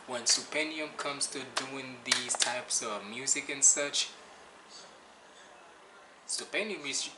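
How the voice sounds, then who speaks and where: A man's voice: medium pitch, echoey room, background noise. A man hosting a reaction video, chatting casually in a rambling, loose way. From Jamaica. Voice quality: rambling, chatty, restarts a lot. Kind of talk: casual chat.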